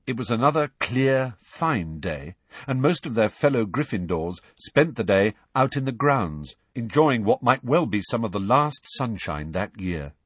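A man narrating an audiobook with measured storytelling. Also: medium pitch, husky, no echo.

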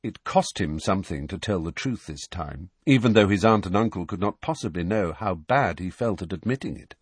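A man narrating an audiobook in an expressive, dramatic storytelling manner, close to the microphone. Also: low-pitched, fairly quick, breathy edge, no room sound.

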